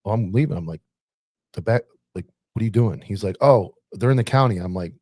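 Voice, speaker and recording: A man in his forties, a police officer hosting a casual chat, telling animated stories about the job with swearing. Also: lowish voice, a little fast, dry recording, clean studio sound. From Florida. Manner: swearing, animated war stories with acted quotes. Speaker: podcast host and police officer.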